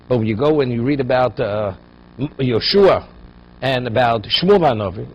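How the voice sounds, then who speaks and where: A man's voice: mid-range voice, expressive, normal speed, breathy edge, lo-fi sound. A man giving a Torah class, telling a story and building to emphatic points. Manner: storytelling, rising to emphatic peaks. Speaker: Torah teacher.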